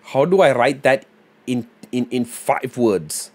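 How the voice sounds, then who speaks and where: A man's voice: mid-range voice, lively intonation, slow, a little mellow. A man mumbling casual streamer chat. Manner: thinks aloud and mumbles while reading chat; loose and slangy, with frequent fillers. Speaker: live streamer.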